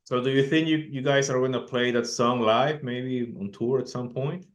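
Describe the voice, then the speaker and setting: A man's voice: medium pitch, fairly even intonation, moderate pace. A man hosting an interview, asking questions in a frank, informal way and stumbling a little before making his point. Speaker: interviewer, channel host.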